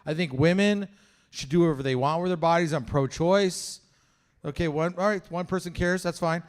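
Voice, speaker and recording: A man's voice: fairly high pitch, moderate pace. A young man from Canada doing a crude, conversational stand-up set on stage, acting out voices in his stories. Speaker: stand-up comedian. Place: comedy show stage with live audience.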